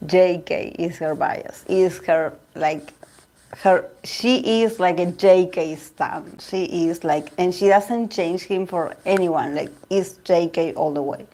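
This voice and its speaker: A woman's voice: fairly low pitch, slow, mellow. A woman from Argentina with an Argentine Spanish accent, a Spanish native speaker chatting casually and rambling with viewers on her tarot livestream. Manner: chatty and rambling, with frequent laughs and restarts. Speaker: tarot reader and channel host.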